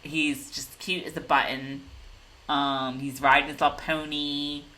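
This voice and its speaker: A woman co-hosting a casual recap chat, bubbly and gushing with quick asides. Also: low-pitched, level tone, bright, forceful tone, rough recording. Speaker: podcast co-host.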